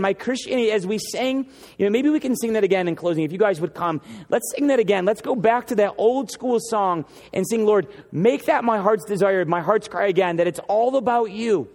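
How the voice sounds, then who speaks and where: A male pastor with a high-pitched, darkish voice delivers impassioned preaching in a church sanctuary. He repeats phrases in stacks and slows sharply to land each point, while long hall reverb trails every line.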